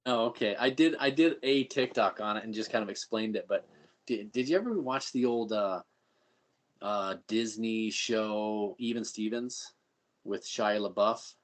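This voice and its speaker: A man's voice: lowish voice, a little slow. A middle-aged man as a podcast guest, upbeat and laughing often as he tells stories. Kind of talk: casual chat.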